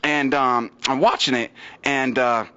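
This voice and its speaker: A man's voice: steady tone, measured pace, pushed and bright, clear, resonant tone, highs cut off. Man doing loose, rambling stand-up. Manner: loose, rambling delivery with many fillers and repeats; swings his pitch widely for impressions. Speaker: stand-up comedian. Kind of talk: open mic stand-up comedy. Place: small studio stage with audience.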